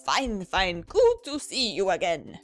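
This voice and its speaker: A woman's voice: mid-range voice, wildly swooping pitch, unhurried, soft background music. A woman doing a grumpy old French uncle. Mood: mock-French. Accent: fake French.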